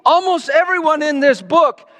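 A man in his sixties preaches in a wry, self-mocking way, with a voice that sits high for a man. His delivery swings between quiet, low asides and loud, raised outbursts. The sound rings out with the long reverb of a large hall. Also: normal speed. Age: 60s. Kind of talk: storytelling sermon.

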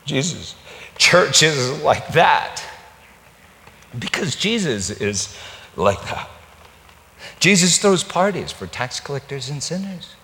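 Man, pastor, sermon storytelling, animated, wide pitch swings, long hall reverb. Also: takes it slowly, long pauses. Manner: animated, acts out dialogue.

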